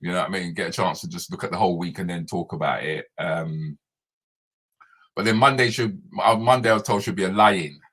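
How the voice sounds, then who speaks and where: A man's voice: sits low, fairly quick, fairly bright tone, breathy edge. A man hosting a casual live stream, chatting and laughing as he answers viewer comments.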